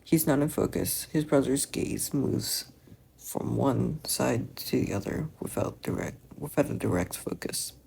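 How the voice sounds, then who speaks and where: A fan-fiction reader narrating a story aloud in a soft, subdued voice. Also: medium pitch, animated, a little slow, creaky, a little hiss or hum. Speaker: podfic reader.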